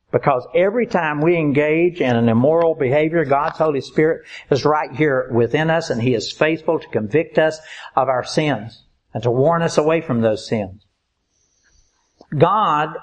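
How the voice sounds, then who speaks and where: Earnest man preaching a sermon. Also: on the high side. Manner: earnest, emphatic, slows down for key points.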